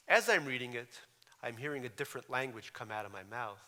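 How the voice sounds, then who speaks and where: The room is a reverberant lecture hall, where a man in his forties, an author born in Russia, reads passages from his memoir. He delivers them briskly with a wry, dry wit, his medium-pitched voice sharp in tone and animated.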